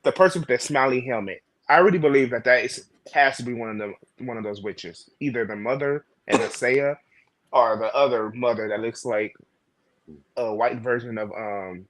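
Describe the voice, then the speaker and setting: A man co-hosting a casual live chat, relaxed and conversational. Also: medium pitch, normal speed. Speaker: podcast co-host.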